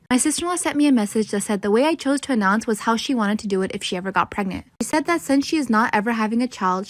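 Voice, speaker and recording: Quick woman reading a post aloud. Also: on the high side, no echo, clean studio sound.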